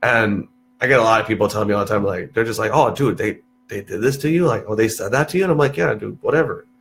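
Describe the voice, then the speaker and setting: Animated young man telling stories. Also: fairly low pitch, fast talker, gravelly. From Texas, USA. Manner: animated storyteller, swears freely, peppers talk with "dude". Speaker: podcast guest. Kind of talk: casual chat.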